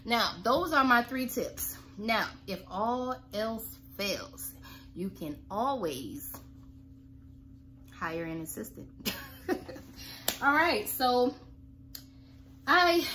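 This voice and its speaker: A woman's voice: medium pitch, bright, forceful tone, a little hiss or hum. A woman who owns a cleaning business, giving blunt, sassy, folksy coaching tips to camera.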